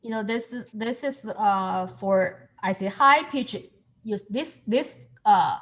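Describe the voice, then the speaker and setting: A woman's voice: mid-range voice, takes it slowly, fairly bright tone. A woman teaching a student over a video call, explaining patiently and encouraging the student as she repeats each word. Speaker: calligraphy and Chinese teacher. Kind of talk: online lesson explaining to a student.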